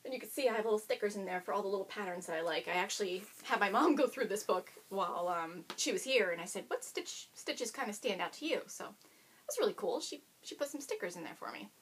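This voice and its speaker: A woman's voice: mid-range voice, expressive, fast talker, slight background noise. A woman hosting a knitting video podcast, chatting casually and bubbly to the camera and talking to her dog now and then.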